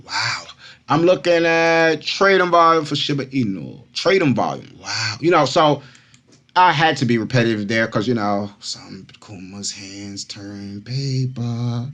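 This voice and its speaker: A man's voice: medium pitch, measured pace. A man from Brooklyn, hosting a casual crypto vlog and talking animatedly to his followers. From Brooklyn, New York. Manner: animated, repetitive, keeps addressing fans as Kumas. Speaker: crypto channel host.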